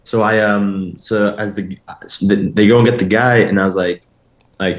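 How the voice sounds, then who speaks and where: A man's voice: on the low side, steady tone, a little fast. Young man rambling through a story. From family from Mexico. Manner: rambling, full of "like" and restarts. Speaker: guest. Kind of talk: casual storytelling. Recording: echoey room.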